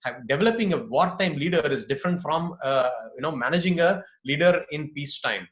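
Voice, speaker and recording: A man's voice: fairly high pitch, animated, brisk, fairly bright tone. A man moderating a webinar panel over a video call, telling stories in a conversational way with many fillers and "right?" tags. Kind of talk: panel discussion, storytelling. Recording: roomy, dull video-call audio.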